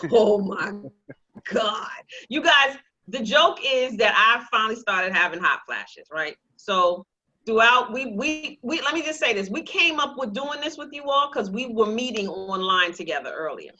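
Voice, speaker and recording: Bright, high-voiced woman teaching real estate. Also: normal speed, highs cut off. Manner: lively, joking, sales-pitch teaching. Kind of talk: live online class presentation.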